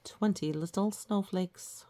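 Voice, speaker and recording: A woman reading old children's rhymes aloud, stopping to gently explain the lessons and pictures. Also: on the low side, slow pace.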